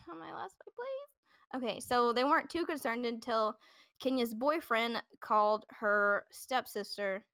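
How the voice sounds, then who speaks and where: This podcast host, a woman, recounts a true-crime case in a relaxed, conversational style, often restarting and using fillers. She has a fairly high, expressive, slightly bright voice and takes her time. Through a podcast mic, the studio audio is clean with no room sound.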